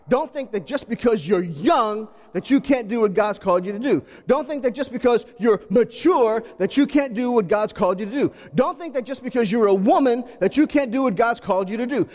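A man preaching a sermon, his voice sitting high and swinging widely in pitch. He talks in an animated way and throws rhetorical questions at the congregation. The sound carries a long reverb from a large hall. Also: fairly quick.

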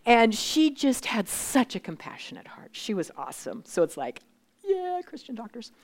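A woman in her sixties giving a faith talk to a live group, speaking in an animated, conversational way and often dropping to a whisper for emphasis. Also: fairly high pitch, moderate pace. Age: 60s. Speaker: women's Bible study speaker.

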